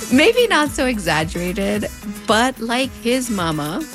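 A woman's voice: on the high side, big pitch swings, extremely slow, over music. A woman in her thirties with a Mexican border accent, narrating a scripted commentary in a wry, conversational way with playful asides. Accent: Mexican border English. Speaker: video essay host.

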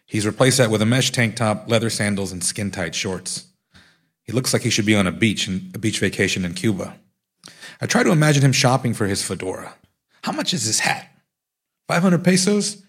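A man reading aloud from his own book, telling a story in a wry, steady way. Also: on the low side, brisk, slightly rough. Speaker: author.

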